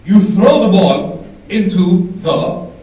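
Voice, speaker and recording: A man voicing an older immigrant Arab father who speaks halting, broken English. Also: sits high, big pitch swings, mellow, a little hiss or hum, full character voice. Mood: explaining. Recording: echoey hall, distant mic, crowd.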